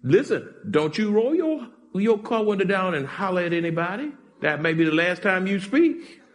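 A man preaching a sermon with a high, lively voice that leaps up and drops down. He moves from shouting to hushed asides and laughs often. His has a sound. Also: normal speed. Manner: animated preaching, swings from shouts to near-whispers, laughs often. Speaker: pastor.

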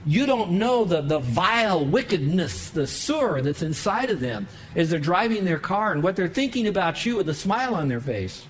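A male pastor preaching a sermon in church, emphatic, with sudden swells of pitch and volume. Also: big pitch swings, moderate pace, hardly any pauses, a little hiss or hum, poor audio. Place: church sanctuary.

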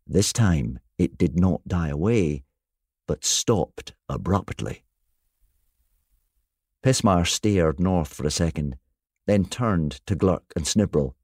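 A man's voice: deep voice, lively intonation, slow, pauses often, breathy edge, no echo, studio quality. A man reading a children's fantasy story aloud, acting out the characters' lines dramatically. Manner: dramatic, lifts his voice for shouted lines. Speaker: guest reader.

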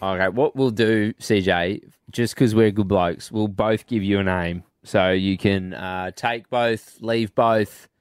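A man's voice: on the low side, fairly even intonation, slow pace, few pauses, smooth, dry recording, clean studio sound. A man co-hosting a radio show, joking around and reading out news items in casual banter. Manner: joking, chatty, reads news items aloud. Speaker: radio co-host.

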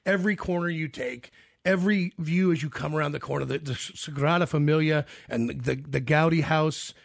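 A male radio host with a gravelly, husky voice, pitched a little high for a man. He talks haltingly and repeats words as he goes, recorded close and dry. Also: dry recording. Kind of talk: casual radio interview chat.

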